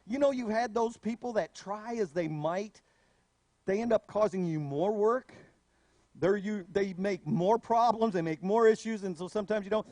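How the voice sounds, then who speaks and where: A man preaching a sermon as a pastor, telling stories with animated asides. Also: high voice, no room sound.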